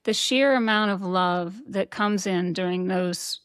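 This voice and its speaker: A woman's voice: medium pitch, measured pace, clear, resonant tone, no echo, clean studio sound. A woman hosting an interview podcast, speaking in a reflective, affirming way. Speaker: podcast host. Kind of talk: conversational interview.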